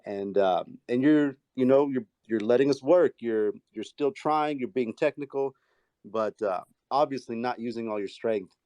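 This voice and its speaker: A man hosting a casual podcast chat, relaxed and laughing easily. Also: medium pitch, moderate pace, no room sound.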